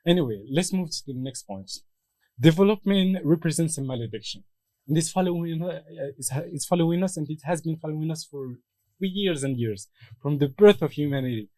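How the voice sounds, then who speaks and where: A man's voice: fairly high pitch, lively intonation, brisk, darkish tone, dry recording. A young man from Morocco giving a joking, rambling debate speech with frequent stumbles and restarts. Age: young adult. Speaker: student debater.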